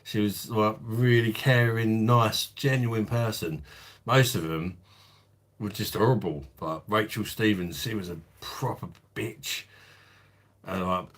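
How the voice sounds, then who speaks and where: Bloke chatting on a live stream, kinda low voice, swears a lot, laughs a lot. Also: male voice, fairly even intonation, takes it slowly. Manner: blunt, swears freely, laughs often. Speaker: livestream host. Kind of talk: casual live chat.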